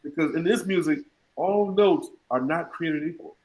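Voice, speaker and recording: Male jazz clinician, fairly high voice, scats examples mid-lecture, playful, video-call audio. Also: moderate pace, rough recording. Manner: scat-sings rhythm examples between explanations; animated, humorous teaching. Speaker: jazz music educator. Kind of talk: online music clinic lecture.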